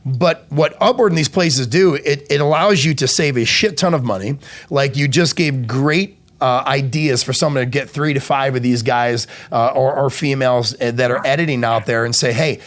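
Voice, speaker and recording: A man's voice: mid-range voice, normal speed. A man hosting a podcast, telling stories in casual chat with lots of swearing and acted-out quotes. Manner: profane, storytelling, acts out quoted voices. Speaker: podcast host.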